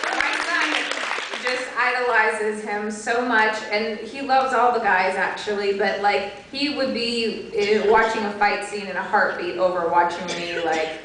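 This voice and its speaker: A woman's voice: mid-range voice, unhurried, fairly bright tone, some chatter behind. A woman on a convention panel, chatting with fillers and laughs. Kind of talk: casual panel chat. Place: large convention hall. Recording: echoey hall from far off, clear noise.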